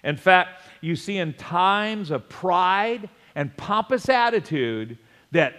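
Animated preacher man, reverberant hall. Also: high voice, takes it slowly, clean tone. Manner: animated preaching with sudden loud bursts and chuckles. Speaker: pastor. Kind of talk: sermon.

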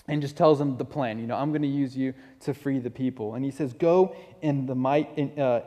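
A man preaching a sermon, earnest and conversational, often stumbling and restarting mid-phrase. His voice sits a little high for a man yet has a mellow, dark tone. The sound carries the long reverb of a large church sanctuary. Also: fairly quick, few pauses. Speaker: pastor.

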